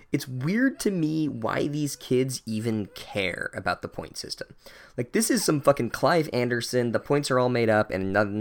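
Sarcastic man ranting about a book. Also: medium pitch. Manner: sarcastic, exasperated, profane. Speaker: book reviewer. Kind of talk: comedic book recap monologue.

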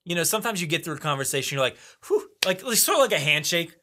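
A man's voice: a little high, big pitch swings, racing, pushed and bright. A man co-hosting a podcast in casual chat, rambling and laughing, swearing freely. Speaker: podcast co-host.

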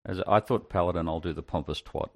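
A man's voice: deep voice, fast. A male podcast co-host chatting earnestly about tabletop games, stumbling at the start of sentences. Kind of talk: casual chat about tabletop gaming.

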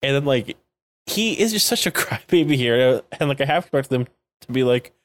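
A man co-hosts a podcast, recapping a show in casual chat, cracking jokes, laughing often and acting out characters' lines. His medium-pitched voice is expressive and moves at normal speed, with no room sound.

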